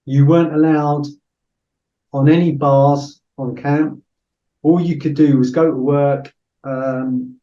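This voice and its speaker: On a podcast, a former soldier from Britain, middle-aged, relaxes into an anecdote, performing quoted voices and leaning heavily on fillers. His voice is mid-range and mellow, with the high frequencies cut off.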